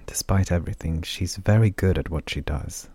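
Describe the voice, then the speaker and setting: Man reading a tired, soft-spoken nobleman, low, dry delivery. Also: normal speed, breathy edge, no echo. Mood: quiet. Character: weary, gentle nobleman, quietly wry.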